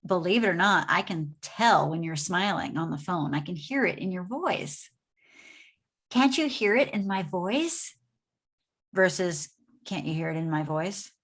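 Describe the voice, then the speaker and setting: A woman's voice: fairly low pitch, normal speed, a bit bright, breathy edge. A woman presenting an upbeat motivational business talk from her home, speaking conversationally and often checking in with "right?". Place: home office.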